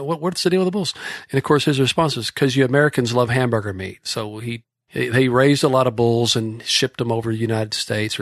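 A man's voice: mid-range voice, no echo, clean studio sound. A man from Texas, a horsemanship clinician telling a folksy, rambling story with frequent restarts.

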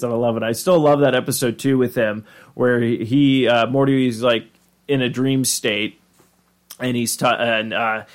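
A man hosting a podcast and recapping an episode in a casual, rambling way, full of fillers. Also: medium pitch. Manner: rambling, many fillers and restarts. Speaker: podcast host.

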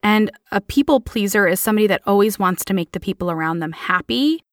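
A woman co-hosting a podcast explains an idea calmly and in order, counting her points off one by one. Her voice is mid-pitched and the sound is dry and close. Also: quick pace, dry recording. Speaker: podcast co-host. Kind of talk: explanatory talk.

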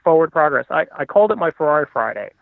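Gravelly man on a tinny phone line. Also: a little high, very animated, quick pace, dry recording. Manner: earnest, reflective, with frequent restarts. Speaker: podcast guest. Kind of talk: casual podcast storytelling.

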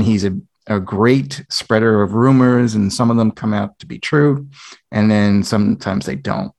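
Gravelly low-voiced man co-host. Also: a little mellow, no echo, clean studio sound. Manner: opinionated, rambling. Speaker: podcast co-host. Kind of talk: casual chat about films.

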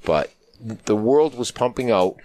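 A man's voice: mid-range voice, animated, unhurried, mellow, slight background noise. A man explaining things plainly in casual conversation, repeating his points as he goes.

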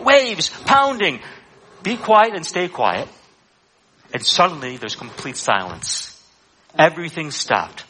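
A man preaching a sermon to a congregation, animated and emphatic, acting out quoted lines with frequent fillers. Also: a little high, husky.

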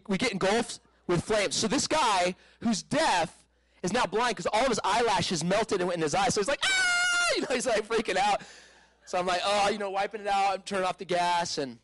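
Man, higher voice, dry close sound, animated casual testimony with laughs and restarts. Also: moderate pace, no echo, rough recording. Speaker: speaker telling a personal testimony.

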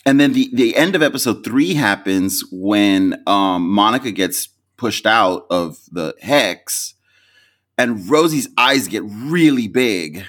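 A man co-hosting a podcast in casual chat, animated, often restarting sentences and acting out quotes. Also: fairly low pitch, takes it slowly. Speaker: podcast co-host.

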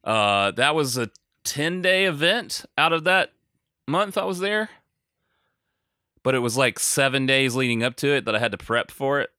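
In clean studio sound with no room sound, this man speaks at medium pitch, animated and moderately paced, with a sharp tone. He's an American podcast co-host in casual conversation, rambling, teasing himself, and using lots of fillers.

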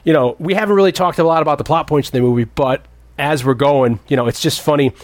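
A man in his thirties co-hosting a casual movie podcast, rambling and often jumping up in pitch to act out the characters. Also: quick pace, no echo. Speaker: podcast co-host.

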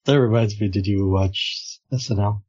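Husky laid-back podcast co-host. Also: male voice, fairly low pitch, fairly even intonation, normal speed, darkish tone, no room sound. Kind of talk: casual chat. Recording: slightly dull, lo-fi mic.

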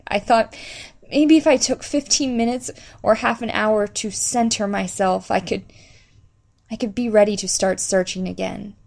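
A distraught middle-aged mother, read by a woman, fighting back tears as she speaks. Her words come out halting and strained. It is an audiobook figure in a plain, mid-pitched voice. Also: fairly even intonation, vocal fry, a little mellow, natural voice.

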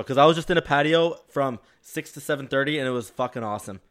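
A man's voice: mid-range voice, fast, fairly bright tone. Easygoing swearing Canadian man. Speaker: podcast co-host. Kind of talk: casual podcast banter.

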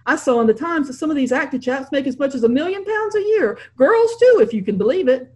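A woman's voice: high-pitched, animated, quick pace, mellow, voice pushed up. A woman voicing a pompous, gossipy old aristocratic lord. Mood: amused.

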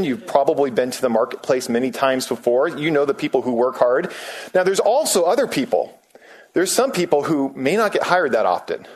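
Male pastor preaching a sermon. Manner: reads scripture aloud then explains it conversationally, with restarts and ums; voices quoted speakers with raised pitch.

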